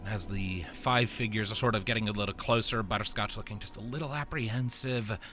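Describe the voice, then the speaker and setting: A man's voice: on the low side, a little fast, sharp tone, soft background music. A man narrating as game master of a tabletop role-playing game, describing scenes in a loose, meandering way.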